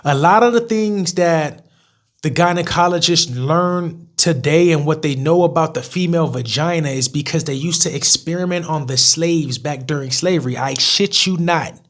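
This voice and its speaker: Young male vlogger, high voice, blunt and profane, casual rant to camera. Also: moderate pace.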